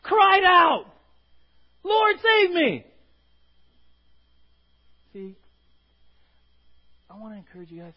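High-voiced pastor preaching emphatically. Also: male voice, breathy edge, lo-fi sound. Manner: emphatic, repeats words, rises to cries when quoting. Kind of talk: sermon.

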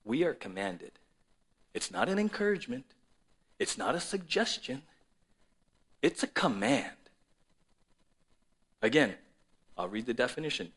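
Bright-voiced pastor preaching emphatically. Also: male voice, very animated, a little slow, pauses often, husky. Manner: emphatic, swings between loud declarations and soft, low asides; speaks to a congregation and viewers at home. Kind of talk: sermon.

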